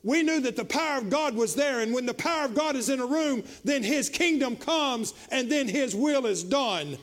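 Guy preaching, real high voice, repeats himself a lot, gets loud and shouty. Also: lively intonation, normal speed. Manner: preaching with frequent repetitions, building to shouts. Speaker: pastor. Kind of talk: sermon.

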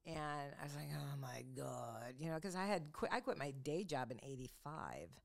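A woman's voice: sits low, lively intonation, brisk. A middle-aged woman in casual chat, telling stories in a chatty, self-mocking way. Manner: chatty storyteller, self-mocking, laughs often.

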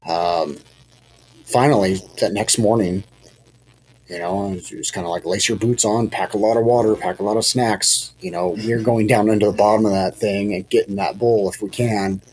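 A man with a low, deep voice tells a hunting story in a loose, rambling way. He second-guesses himself and fills his talk with "you know" and "um". A faint hiss sits under the recording. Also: fairly even intonation, normal speed, darkish tone, rough recording. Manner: rambling, self-deprecating, many fillers and restarts. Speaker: hunting guide telling a hunt story. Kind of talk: casual storytelling on a podcast.

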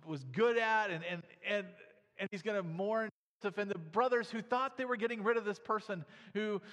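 A man's voice: high-pitched, moderate pace, a bit bright. A man preaching a sermon, reading scripture aloud and then explaining it in a conversational way, often asking "right?". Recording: long hall reverb.

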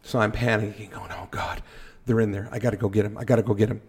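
Gravelly-voiced man telling a story. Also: lowish voice, fast talker. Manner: animated storyteller, jokey asides. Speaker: podcast guest. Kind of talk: casual storytelling.

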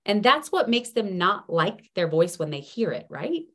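A woman's voice: mid-range voice, sing-song, moderate pace, a bit bright. A woman hosting a sales podcast, asking her guest curious follow-up questions. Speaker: podcast host. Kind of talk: podcast interview.

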